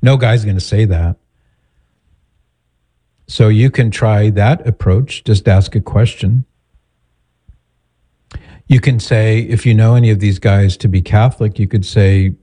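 A man hosting an advice show, speaking calmly and directly as he counsels a caller. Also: fairly low pitch, unhurried, pauses often. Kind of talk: advice talk.

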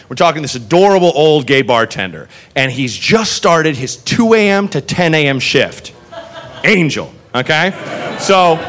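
A man telling a story on stage as a stand-up comic, animated and laughing through lines, in a noisy live recording. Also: on the high side. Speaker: stand-up comedian.

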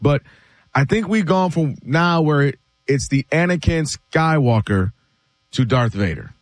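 A man with a high, sing-song voice on a sports talk show, leaning hard into his argument. He acts out fans and critics in quick bursts, and the sound is dry and close. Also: dry recording. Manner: lively storytelling, acting out fans' quoted reactions. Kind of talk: animated sports debate.

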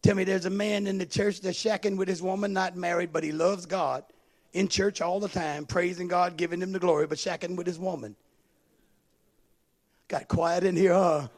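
A man preaching a sermon, swinging between hushed asides and shouted, sing-song emphasis. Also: high voice, steady tone, moderate pace, long pauses. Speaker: pastor.

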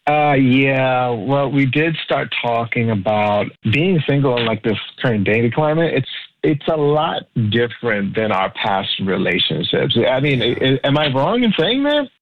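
A man's voice: mid-range voice, sing-song, a little slow, dull audio, a little hiss or hum. A man calling in to a radio show, telling his story hesitantly and stumbling over repeated words. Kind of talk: casual phone-in storytelling.

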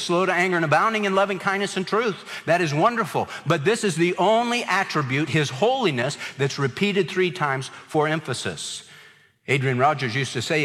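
Male pastor, fairly high voice, emphatic sermon, echoing hall. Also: fairly bright tone. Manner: emphatic preaching, repeating words for stress.

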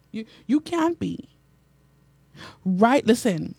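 Animated woman preaching, mellow and dry. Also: mid-range voice, measured pace, no room sound. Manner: animated preaching, repeats phrases, reads out comments. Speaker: radio and online preacher host. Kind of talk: sermon.

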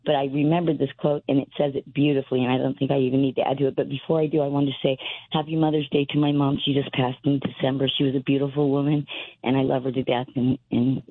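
A woman's voice: rumbling low, little pitch movement, quick pace, no room sound. Breathless woman calling in on a tinny phone. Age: 50s. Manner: rambling, breathless, restarts sentences. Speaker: caller. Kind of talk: call-in radio chat. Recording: tinny dry phone line.

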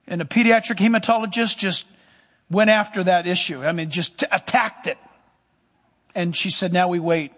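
Male pastor, very high pitched, emphatic sermon storytelling, long hall echo. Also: fairly bright tone.

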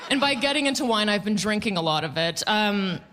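A woman in her thirties performing a stand-up comedy set on a club stage, animated and quick to mimic people in her stories. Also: mid-range voice.

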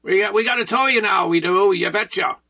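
A man's voice: high voice, brisk, gravelly, sharp tone, exaggerated voice. A man playing a polite male police officer from Minnesota, in a put-on Minnesota accent. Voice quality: exaggerated folksy drawl. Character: folksy male Minnesota cop.

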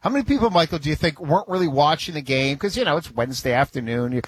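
A chatty male sports co-host who jokes around with his partner. His voice sits a little high and has a husky edge. The sound is dry and close. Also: animated, racing, no room sound. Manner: chatty, joking, with laughs. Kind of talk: casual sports talk.

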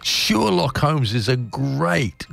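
A man's voice: medium pitch, sing-song, slow pace, vocal fry. A man hosting a comic trivia monologue, rambling from fact to fact, correcting himself and chuckling. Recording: loud music behind.

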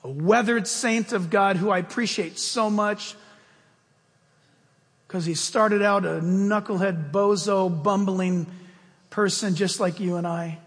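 A man with a high voice preaches a sermon from the pulpit. He tells stories in an animated way, jumping from loud bursts to quiet asides. His voice carries with a long reverb through a large hall. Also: takes it slowly. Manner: animated storytelling preacher, swings between loud and hushed. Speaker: pastor.

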